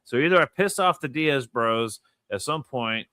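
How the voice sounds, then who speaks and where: A man's voice: medium pitch, animated, normal speed, bright, forceful tone, no echo. A man co-hosting a casual chat, blunt and profane. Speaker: co-host.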